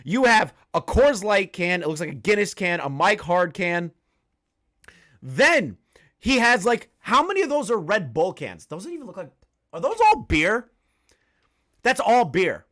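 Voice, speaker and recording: A young man tears into a clip he is reacting to, swearing freely and laughing in disbelief. His voice sits a little high and jumps all over the place as he rants. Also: sing-song, a little slow, fairly bright tone. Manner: incredulous ranting, swears a lot, laughs often. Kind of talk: profane reaction commentary.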